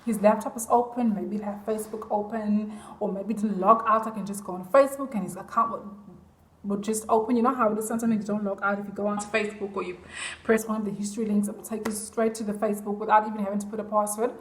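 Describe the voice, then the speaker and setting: A woman's voice: mid-range voice, steady tone, fast, echoey room, slight background noise, poor audio. A woman vlogger telling a personal story in a chatty, confiding way, with plenty of fillers. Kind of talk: storytime vlog.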